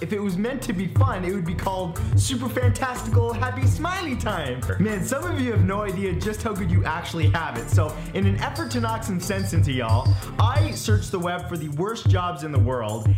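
A man's voice: high voice, animated, moderate pace, hardly any pauses, voice pushed up. Man putting on a wisecracking Caribbean-accented presenter. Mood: joking. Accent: put-on Caribbean. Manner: joking, wisecracking, pushes for laughs. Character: brash male Caribbean-accented segment presenter. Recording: roomy echo with music behind.

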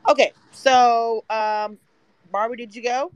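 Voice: medium pitch, steady tone, slow, smooth, no echo, low-quality recording. A caller from Louisiana or Texas on a live audio chat, giving blunt, joking opinions and sounding tired after a long workday. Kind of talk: casual reality-show reaction.

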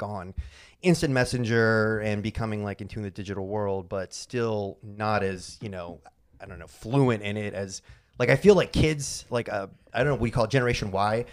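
A man's voice: lowish voice, normal speed. A man in his thirties hosting a casual podcast chat. He rambles, trails off into mumbles and pokes fun at himself. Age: 30s. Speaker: podcast host.

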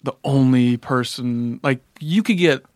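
A man's voice: medium pitch, measured pace, dry recording. A man in his thirties, a podcast guest, chatting casually in a laid-back, rambling way with plenty of swearing. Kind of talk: casual chat.

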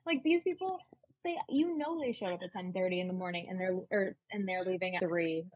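A woman's voice: on the low side, fairly quick, no room sound, lo-fi sound. A woman co-hosting a podcast in a casual chat, laughing often and acting out the people she describes. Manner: chatty, laughs often, acts out characters. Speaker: podcast co-host.

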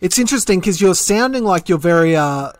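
A man's voice: sits high, lively intonation, a little fast, no echo. A man co-hosting a podcast, playing mock interviewer in wry casual banter. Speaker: podcast co-host.

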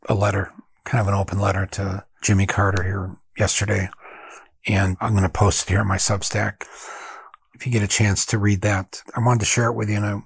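An older man from Michigan hosting a podcast, talking in a casual, wry and animated monologue, chuckling at his own points. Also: mid-range voice, breathy edge, no echo. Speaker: podcast host.

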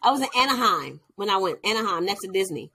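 A woman co-hosting a podcast in casual chat, playful and animated, laughing easily. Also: mid-range voice, quick pace, slightly rough. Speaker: podcast co-host.

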